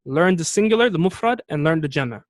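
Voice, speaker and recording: In an animated classroom lesson on Arabic words, a man with a somewhat high voice works through the material step by step. He pronounces key terms slowly, repeats them, and keeps checking in with "okay?" to make sure students are following. The audio is dry and close, with no room echo.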